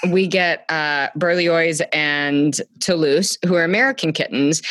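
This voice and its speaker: A woman's voice: low voice, a bit bright, dry recording. A woman co-hosting a podcast in casual chat, gushing and swearing freely as she riffs. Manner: gushing, profane, fast-riffing. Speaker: podcast co-host.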